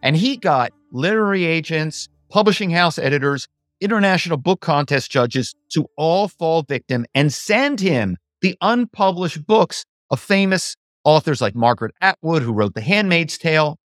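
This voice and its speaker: A middle-aged man, a guest in an interview, telling stories about his work in a lively conversational way with frequent "you know" asides. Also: a little high, normal speed, dry recording, clean studio sound. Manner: animated storyteller, many "you know" asides. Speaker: guest, former actor and corporate spy.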